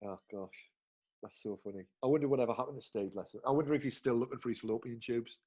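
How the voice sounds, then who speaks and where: A man's voice: medium pitch, quick pace, husky. Northern English man telling a story. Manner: animated, chuckling anecdote telling with northern slang. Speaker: podcast co-host. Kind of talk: casual storytelling chat.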